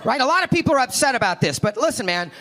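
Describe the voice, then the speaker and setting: A man's voice: very high voice, big pitch swings, racing, pushed and bright. A male stand-up comedian doing a brash, profane set and working the crowd. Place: comedy club stage. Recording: live club with crowd noise. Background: audience laughter and room noise.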